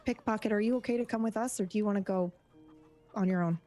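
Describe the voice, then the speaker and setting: A woman's voice: mid-range voice, fast, mellow, soft background music, close to an everyday voice. A woman voicing a blunt, cautious adventurer who speaks plainly and practically. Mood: wary.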